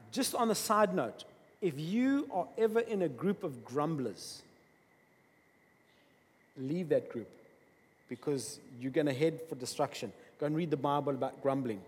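A man preaching a sermon, emphatic, swinging between loud bursts and quiet asides. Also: on the high side, husky. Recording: long reverb of a large hall.

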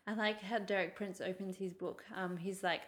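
A woman hosts a church podcast in a relaxed, chatty way. She steers the talk with easy fillers and a slightly low, even voice. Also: moderate pace. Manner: chatty, leads the discussion with frequent "um"s. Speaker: podcast host. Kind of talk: casual church podcast chat.

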